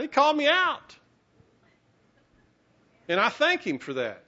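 A man preaching a sermon as pastor in a conversational, halting way, with many restarts and fillers. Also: sits high, very animated, sharp tone, dull audio.

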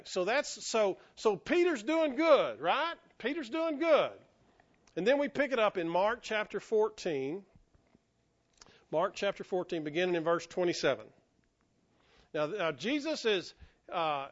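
A male pastor delivers a sermon in a lively, folksy style, acting out the voices of the people he quotes. He's recovering from an illness that makes him cough. His voice is high and the sound is lo-fi.

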